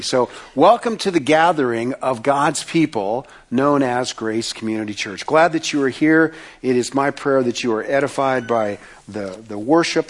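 A male pastor preaching a sermon in a conversational way, with joking asides and repeated words. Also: mid-range voice.

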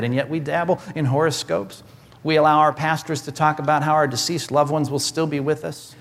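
A male pastor preaching a sermon in an animated, wry way, swinging between loud and hushed. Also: fairly high pitch, fairly quick. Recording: echoey hall.

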